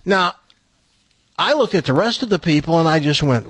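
A man with a husky voice tells an anecdote in an animated way and stumbles into frequent restarts. The sound is close and dry, with almost no room tone. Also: fairly high pitch, normal speed, long pauses, no echo. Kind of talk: casual anecdote telling.

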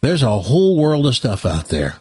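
A man's voice: mid-range voice, big pitch swings, moderate pace, warm tone, husky, no room sound. An older man hosting a radio talk show, chatty and opinionated in casual talk.

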